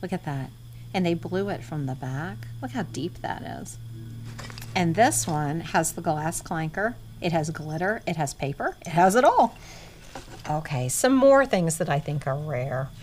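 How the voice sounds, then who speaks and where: A middle-aged woman reselling vintage goods, chatting casually to her viewers and often dropping into an excited hushed near-whisper. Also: deep voice, unhurried, slight background noise. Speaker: vintage reseller showing inventory. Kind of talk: casual vlog chat.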